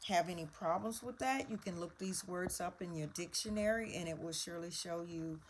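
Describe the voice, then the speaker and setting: A woman's voice: lowish voice, a little fast, slight background noise. A woman teaching a spelling lesson, patiently spelling words out letter by letter and walking through each answer.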